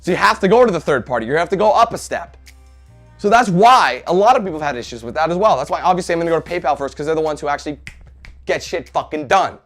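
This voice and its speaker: A young man ranting angrily to camera as a gaming video creator, heated and swearing constantly, with loud outbursts. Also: on the high side, expressive, quick pace, soft background music. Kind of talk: angry rant to camera.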